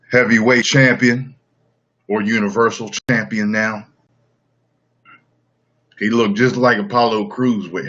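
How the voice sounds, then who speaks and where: Blunt slow-talking livestreamer, low voice. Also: male voice, sharp tone. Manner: blunt, profane, laughs often. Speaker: livestream host. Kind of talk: casual livestream chat answering comments. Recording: dull lo-fi livestream audio.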